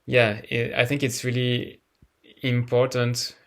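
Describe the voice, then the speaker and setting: A man's voice: medium pitch, completely flat delivery, takes it slowly, a bit bright. A man speaking English as a second language, casually explaining astrology as a healing teacher, often repeating words as he searches for them. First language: not English.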